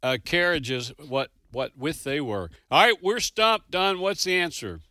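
Bright dry-voiced radio host man. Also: a little high, big pitch swings, unhurried, dry recording. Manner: friendly, greets callers. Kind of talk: casual radio chat.

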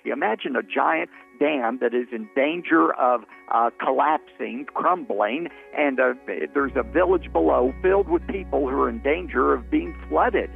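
A man's voice: medium pitch, vocal fry. A man preaching a sermon, earnest and building his point through an illustration. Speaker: pastor. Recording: tinny phone-like broadcast with soft music.

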